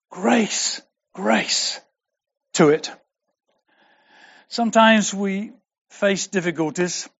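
A man preaching a sermon, emphatic and slow, repeating key words for weight. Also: high voice. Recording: dull lo-fi recording.

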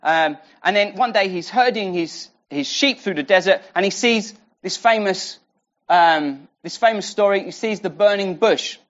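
A preacher talks through a Bible passage in a loose, conversational way. The voice sits at a middling pitch and often restarts sentences and poses rhetorical questions to the listeners. The recording sounds muffled and lo-fi. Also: moderate pace, a bit bright. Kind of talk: sermon teaching a Bible passage.

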